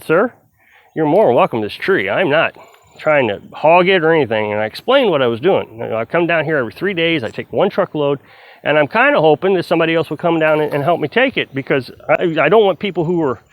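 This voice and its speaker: A man who vlogs about off-grid living talks casually to the camera while cutting firewood outdoors. His slightly high, expressive voice moves fairly quickly as he rambles through a story, restarting his sentences.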